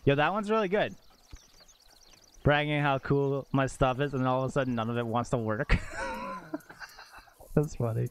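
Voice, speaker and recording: Excitable young man streaming a game. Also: mid-range voice, a little slow, long pauses, slight background noise. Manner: excitable, exclaims and laughs often. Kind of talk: casual live-stream chat. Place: home streaming setup.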